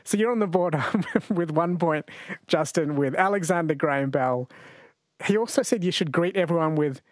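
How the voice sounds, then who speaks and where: A man's voice: a little high, moderate pace, no echo. An Australian man hosting a radio quiz show, chatty and jokey, speaking into a studio mic. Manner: chatty and jokey, laughs often. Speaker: radio host. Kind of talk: casual radio chat and quiz.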